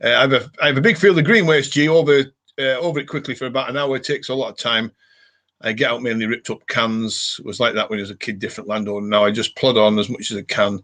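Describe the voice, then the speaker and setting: A man's voice: mid-range voice, fast. A middle-aged man hosting a casual home live stream, ranting and reading out viewer comments. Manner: ranting, animated, reads viewer comments aloud.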